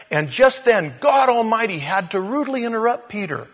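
A man's voice: sits high, sing-song, moderate pace, hardly any pauses. A man preaching a conversational sermon, telling the story informally with asides and acting out the quotes.

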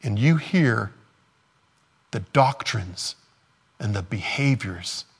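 With a lowish, gravelly voice and a breathy edge, a male pastor preaches slowly but animatedly. His sermon is casual and sarcastic, and he acts out quotes as he goes.

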